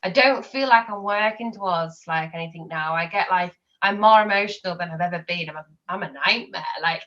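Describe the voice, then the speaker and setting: A woman's voice: fairly low pitch, fairly quick, bright, forceful tone, lo-fi sound. A woman, a podcast guest chatting openly and telling personal stories. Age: 20s. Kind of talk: casual chat.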